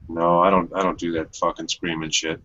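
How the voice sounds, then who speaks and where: A man's voice: deep voice, flat delivery, a little fast, sharp tone. A man on a casual panel talking tough and blunt, with plenty of profanity. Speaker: panel guest, concrete finisher. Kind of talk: casual chat. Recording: muffled lo-fi audio with faint room ambience.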